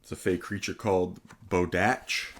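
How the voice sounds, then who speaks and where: A man's voice: sits low, level tone, moderate pace. A man hosting a casual unboxing overview, chatting enthusiastically and sometimes stumbling over how to pronounce names. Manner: enthusiastic, chatty, with hesitant pronunciations. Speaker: host reviewing tabletop game books.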